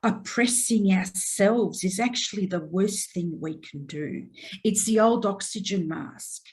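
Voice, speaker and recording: A woman's voice: medium pitch, a little slow, darkish tone, husky. A woman interview guest speaking earnestly and reflectively in a heartfelt way. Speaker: guest, mental health consultant. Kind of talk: interview conversation.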